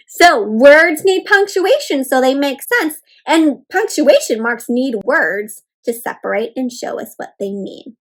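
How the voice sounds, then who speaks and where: A woman's voice: high voice, sing-song, unhurried, hardly any pauses, low-quality recording. A woman hosting a children's read-aloud, teaching young kids in an encouraging sing-song way, often calling them friends. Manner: encouraging, repeatedly addresses listeners as friends; bouncy sing-song teacher delivery with counted prompts.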